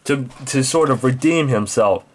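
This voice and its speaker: A man's voice: medium pitch, moderate pace, a little hiss or hum. A man reviewing a cartoon episode in an angry, exasperated rant full of swearing. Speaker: show reviewer.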